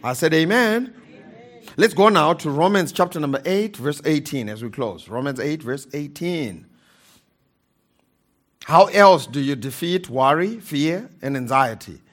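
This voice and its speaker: Emphatic preacher, fairly high voice. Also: male voice, lively intonation, measured pace. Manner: calls for amens from the congregation; emphatic preaching, repeats key phrases. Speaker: pastor. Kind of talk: sermon. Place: church.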